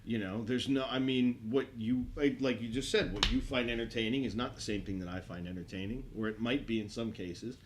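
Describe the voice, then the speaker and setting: A man's voice: medium pitch, brisk, few pauses, a little hiss or hum. A man from New Jersey hosting a casual podcast chat, joking and laughing often. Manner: joking, laughs often, puts on movie voices. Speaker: podcast host.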